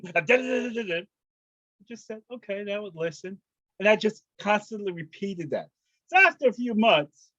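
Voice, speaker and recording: Animated man telling a personal story. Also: high voice, dry recording, muffled recording. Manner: animated, acts out quoted voices. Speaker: guest speaker sharing testimony. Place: home, rooster heard outside.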